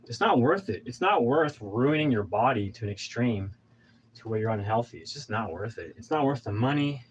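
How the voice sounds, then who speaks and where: This thirtysomething vlogger has a mid-range voice, captured in a rough recording with slight background noise. Winded from a workout, he gives an energetic, sermonizing pep talk, wandering off and starting over again and again.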